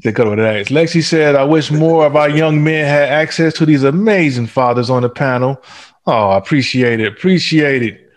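A man's voice: fairly high pitch, normal speed. A man hosting a casual panel discussion, agreeing easily and reading out viewer questions and comments. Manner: relaxed, agreeable, lots of fillers while reading viewer questions. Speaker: host.

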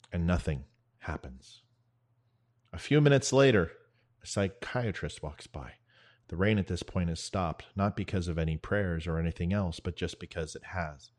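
A man hosting his own show, telling a spoken parable in an earnest, measured way with dramatic pauses. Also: low-pitched. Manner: veteran advocate. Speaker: show host. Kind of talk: spoken parable, storytelling monologue.

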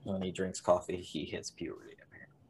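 A man's voice: deep voice, monotone, fast talker, a little mellow, a little hiss or hum. A man co-hosting a podcast in casual chat, dry and joking. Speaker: podcast co-host.

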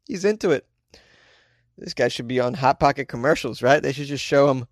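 A man's voice: medium pitch, moderate pace, no echo, clean studio sound. A man hosting a comic news podcast, cracking jokes and laughing at his own asides. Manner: wisecracking, laughs often, riffing asides. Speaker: podcast host. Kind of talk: comedic news commentary.

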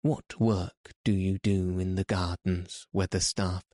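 Man doing proud imperious boy, commanding, storybook, fairly low voice. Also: level tone, slow, darkish tone, dry recording, clean studio sound. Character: proud, imperious sickly boy, young master.

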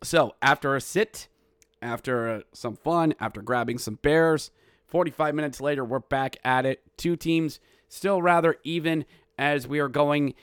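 A man hosting a hockey podcast, recapping a game with animated play-by-play and bursts of yelling. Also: fairly high pitch, a little slow, smooth, no room sound, studio quality. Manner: animated, yells play-by-play with goal calls. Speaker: podcast host.

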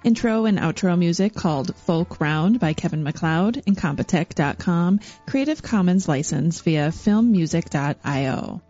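A woman's voice: lowish voice, lively intonation, normal speed, few pauses, dark tone, soft background music. A woman hosting a podcast, interviewing a guest and reading the outro, laughing easily. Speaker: podcast host. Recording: slightly dull audio.

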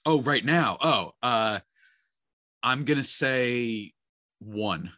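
A man co-hosting a sports podcast, talking in an animated, excitable way and laughing easily. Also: medium pitch, very slow, no echo, clean studio sound. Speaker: podcast co-host. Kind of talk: casual sports podcast chat.

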